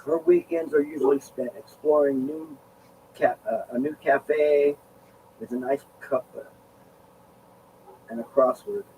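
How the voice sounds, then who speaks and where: A man's voice: on the high side, fairly even intonation, a little slow, pauses often, far from the mic, phone-quality sound. A man casually reading an article aloud on his vlog, rambling and breaking off into asides about how he feels. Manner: rambling, interrupts himself, groans about discomfort. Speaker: vlogger. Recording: set back from mic, faint background noise.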